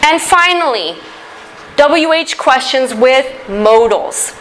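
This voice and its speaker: Slow, high-voiced woman teaching English. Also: expressive, a bit bright, a little hiss or hum, poor audio. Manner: slow and deliberate, explains step by step with fillers. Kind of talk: grammar lesson.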